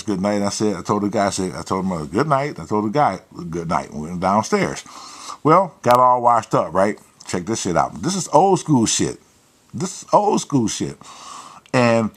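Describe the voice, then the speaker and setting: A man spinning a personal tale in a loose, profane storytelling voice, his pitch swinging widely as he acts out the exchanges. He turns emphatic when he gives advice. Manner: lively, profane, animated storytelling with quoted dialogue. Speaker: host telling a personal story. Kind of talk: casual storytelling.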